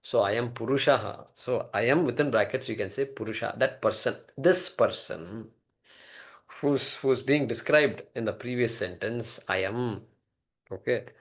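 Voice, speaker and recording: A man's voice: mid-range voice, normal speed. Guy teaching scripture, goes word by word, lots of questions to the class. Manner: explains word by word, poses rhetorical questions. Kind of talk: classroom lecture on a Sanskrit text.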